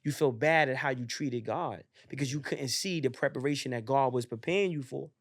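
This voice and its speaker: A young adult man, a podcast guest, telling a profane, animated motivational story in casual chat and acting out the voices in it. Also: medium pitch, a little fast, no echo, studio quality. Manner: profane, animated, acts out voices in his stories.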